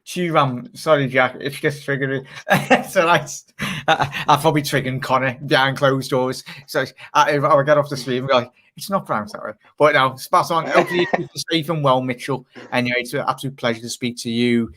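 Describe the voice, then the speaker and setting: A man hosts a relaxed live stream. He chats casually and reads fan comments aloud, laughing easily and calling viewers "mate". His voice sits at a middle pitch. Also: brisk. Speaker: channel host.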